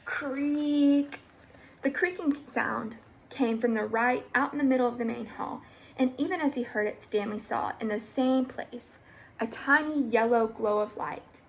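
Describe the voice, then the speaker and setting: A young woman reading a children's book aloud in a steady, plain storytelling voice. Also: on the high side, vocal fry, slight background noise, rough recording. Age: young adult. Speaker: storybook reader.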